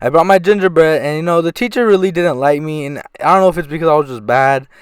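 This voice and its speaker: A man's voice: on the high side, quick pace, clean tone, no echo. A young man casually telling a storytime tale, rambling and swearing a lot. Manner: profane, rambling, animated retelling. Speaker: storytime vlogger.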